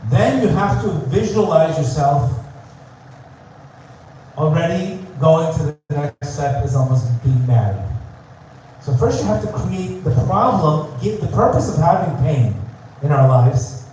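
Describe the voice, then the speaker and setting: A man's voice: fairly high pitch, lively intonation, measured pace, a little mellow, slight background noise. A man giving a live spiritual talk, emphatic and repetitive, often asking the audience questions. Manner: emphatic, repeats key phrases, asks the audience questions. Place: live venue in Tel Aviv. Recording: distant, very echoey live room.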